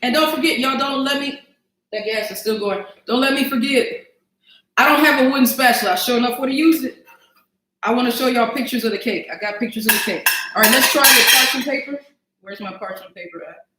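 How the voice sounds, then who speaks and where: A woman's voice: a little high, brisk, bright, forceful tone, reverberant, a little hiss or hum, poor audio. Chatty woman cooking on a livestream. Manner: chatty, talks to viewers as y'all, thinks aloud while cooking. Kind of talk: casual cooking livestream chat. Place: home kitchen.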